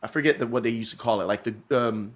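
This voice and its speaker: Speaking quickly in a lowish voice, this man is a guest on a casual podcast, recounting travel stories. His telling is rambling and full of swearing, with frequent restarts.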